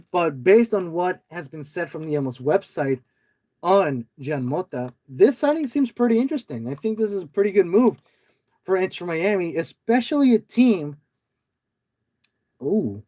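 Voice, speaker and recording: A man's voice: sits high, very animated, a little slow, a little mellow. A man co-hosting a casual soccer podcast over an online call, often hesitating and restarting his phrases. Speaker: podcast co-host.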